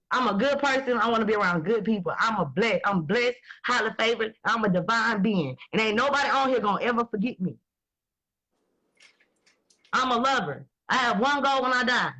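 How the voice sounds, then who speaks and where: A woman, talking in blunt, profane and animated casual chat as host. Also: on the high side, poor audio. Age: 20s.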